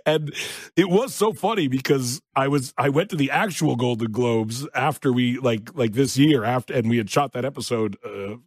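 A man chatting casually in an interview, telling animated behind-the-scenes stories and laughing often. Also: medium pitch, normal speed, slightly rough, no echo. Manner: animated storytelling with frequent laughs. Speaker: show co-creator guest.

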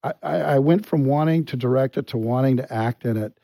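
A man's voice: medium pitch, fairly quick, creaky, dark tone, no room sound, rough recording. A man, an actor, talking frankly in an interview, telling stories with casual swearing and many restarts. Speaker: actor guest. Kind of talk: candid interview storytelling.

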